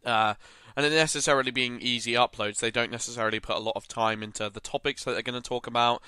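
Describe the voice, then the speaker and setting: A man's voice: mid-range voice, steady tone, fast, pushed and bright, clear, resonant tone, no room sound. A man hosting live gameplay commentary, thoughtful and rambling, with frequent fillers and self-corrections. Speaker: gaming channel host.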